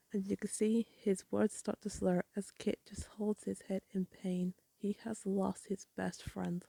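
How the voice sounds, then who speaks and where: A woman casually recaps a comic issue, rambling and often apologizing. Her voice is mellow and gravelly. The recording is dry and close. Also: mid-range voice, flat delivery, unhurried, hardly any pauses, dry recording. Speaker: comic reviewer. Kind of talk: casual chat.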